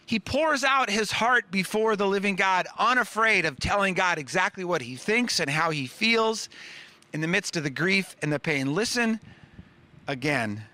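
Earnest bright-voiced male preacher. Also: high-pitched, no room sound. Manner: earnest preaching, dropping soft on key words and rising on questions. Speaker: pastor. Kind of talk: sermon.

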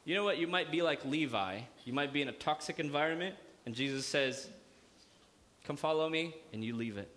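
Pastor, man, lively, joking sermon, hall reverb. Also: mid-range voice, quick pace, few pauses. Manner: lively preaching with jokes and acted-out asides. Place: church hall.

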